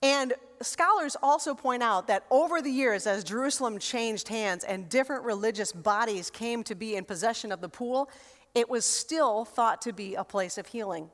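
High-voiced woman preaching in an echoing sanctuary. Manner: conversational, expressive, rhetorical. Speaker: pastor. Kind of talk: sermon. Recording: long reverb in a large hall.

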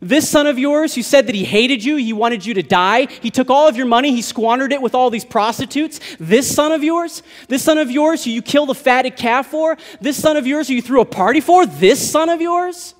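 A man's voice: very high-pitched, normal speed, hardly any pauses, long reverb tail, voice pushed up. A man voicing an indignant, resentful older brother who keeps repeating his accusation in a raised voice.

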